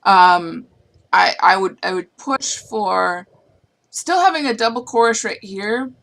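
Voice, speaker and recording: A woman lays out her ideas for a song slowly and carefully, pausing on fillers as she thinks aloud. Her pitch sits in a middle range, and her talk is casual and unhurried. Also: vocal fry, fairly bright tone. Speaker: songwriting partner. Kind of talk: casual chat about songwriting.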